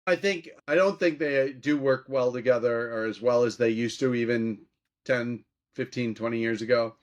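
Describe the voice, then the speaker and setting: A man's voice: mid-range voice, moderate pace, dull audio. A man from Minnesota, a political commentator, telling anecdotes as a podcast guest and acting out quoted exchanges. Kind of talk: storytelling interview talk.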